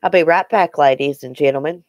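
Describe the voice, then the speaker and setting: A middle-aged woman with a Southern Appalachian accent chats with her live audience in a low, unhurried voice. She sounds folksy and talkative, calling viewers by name. The sound is dry and close. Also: darkish tone, no room sound. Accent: Southern Appalachian (Southwest Virginia). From Southwest Virginia, grew up partly in Eastern Kentucky. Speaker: livestream host. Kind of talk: casual chat with live viewers.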